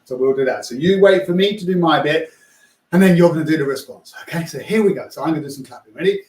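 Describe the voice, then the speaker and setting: A man teaching primary school music, leading children's warm-ups with upbeat, playful, coaxing instructions. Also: a little high, fast talker, noisy background. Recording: echoey room.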